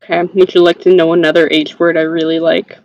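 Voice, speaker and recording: Deadpan player, gravelly low-fi voice, dry dull sound. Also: quick pace, dry recording. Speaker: tabletop player. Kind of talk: casual role-play over voice chat.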